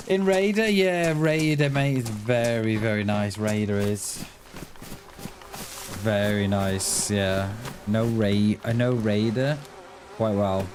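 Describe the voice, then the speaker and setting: A middle-aged livestream gamer talks slowly in a lowish voice with fairly even intonation, chatting casually with viewers as he plays. He's chatty, says "mate" a lot, and often restarts his sentences. Faint background noise and clicks can be heard.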